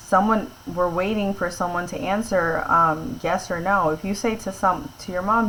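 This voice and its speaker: Patient woman teacher with a lowish voice. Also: steady tone, normal speed, hardly any pauses, fairly bright tone, slight background noise, poor audio. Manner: patient, explains step by step and checks in with "okay?". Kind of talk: classroom grammar lesson.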